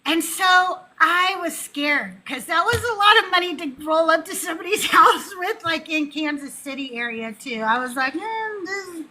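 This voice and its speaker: A woman's voice: very high voice, moderate pace, few pauses, sharp tone, rough recording. A woman hosting a call-in talk show, chatting casually and bluntly, laughing often. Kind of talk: casual chat.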